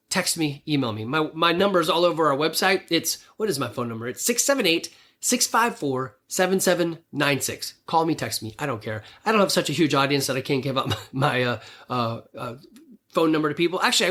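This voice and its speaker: A man's voice: fairly high pitch, fairly bright tone. A man in his fifties hosting a podcast, giving an earnest, rambling motivational talk with frequent restarts. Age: 50s. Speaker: podcast host and gym owner. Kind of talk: casual motivational monologue.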